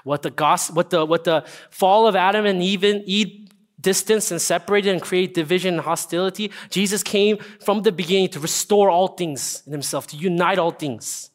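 A young man preaching a casual, earnest sermon, often checking in with listeners with a quick "right?". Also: high-pitched. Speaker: pastor. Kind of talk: conversational sermon.

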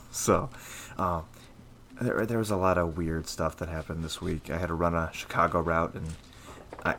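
A man hosting a casual podcast, talking in a steady, rambling way with lots of fillers. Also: sits low, a little hiss or hum. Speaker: podcast host.

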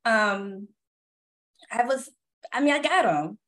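A woman and mother telling a story in a casual chat, animated, acting out quotes and laughing often. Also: a little high, slow pace. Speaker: podcast co-host and mother.

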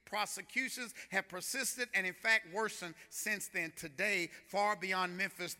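High, bright preacher man in a reverberant hall. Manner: preaching with rising, rhythmic intensity and repetitions. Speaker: pastor. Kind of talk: sermon.

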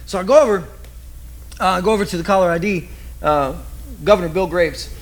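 A man preaching a sermon with lively storytelling, acting out the people he quotes. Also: high-pitched, brisk. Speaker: pastor.

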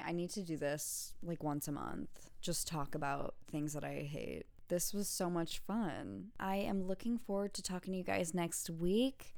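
A woman's voice: on the low side, gravelly, a little mellow, clear, resonant tone, dry recording, studio quality. A woman podcast host and student, ranting casually and with emphatic exasperation about her pet peeves. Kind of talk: casual rant.

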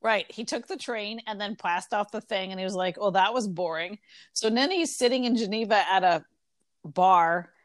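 Woman, casual podcast chat, animated storyteller, dry close mic. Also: mid-range voice, moderate pace, no room sound. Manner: animated retelling with quoted voices, frequent ums.

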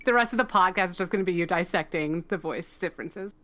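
Bright giggly woman podcaster. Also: on the low side, fast talker. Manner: giggly, rambling storyteller. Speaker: podcast co-host. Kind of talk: casual chat.

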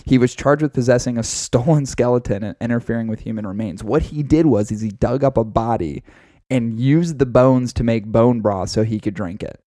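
A man co-hosting a podcast, telling a story in casual, profane, animated chat. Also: mid-range voice, normal speed, no room sound, studio quality. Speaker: podcast co-host.

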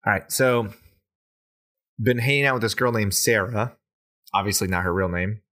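A man's voice: lowish voice, normal speed, sharp tone. A man co-hosting a podcast, casually telling a long story and swearing now and then. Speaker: podcast co-host. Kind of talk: casual chat.

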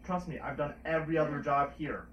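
A man's voice: a little high, a little fast, lo-fi sound. A man playing a winemaker in a tabletop game, wry and blunt, with casual swearing. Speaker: player. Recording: echoey room with faint noise.

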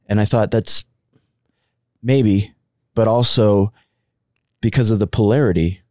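A man's voice: fairly low pitch, unhurried, long pauses, darkish tone, no echo, studio quality. A man co-hosting a casual podcast conversation, speaking earnestly and thoughtfully.

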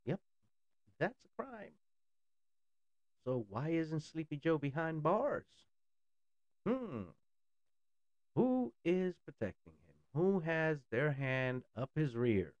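A man's voice: on the high side, sing-song, a little slow, hardly any pauses, darkish tone, smooth, no room sound, lo-fi sound. A man in a blunt, sarcastic ranting monologue who swears freely. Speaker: political commentator.

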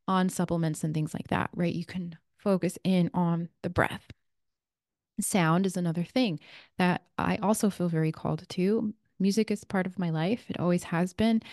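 A woman in her twenties or thirties, talking through a casual podcast episode on her own. Her voice sits on the low side and sounds dry and close to the mic. She rambles from point to point, tossing in asides and little "right?" checks. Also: a little mellow, dry recording. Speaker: podcast host. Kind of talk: casual solo podcast talk.

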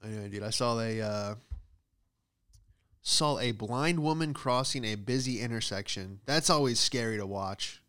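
A man's voice: medium pitch, normal speed, a bit bright, clear, resonant tone. A man doing a casual, profane comedic monologue, riffing with exaggerated bits about everyday hassles. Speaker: comedian host.

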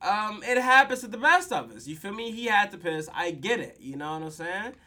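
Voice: mid-range voice, sing-song, a little fast, bright, forceful tone. A podcast host recapping a TV episode in casual, profane slang, telling the story with laughs.

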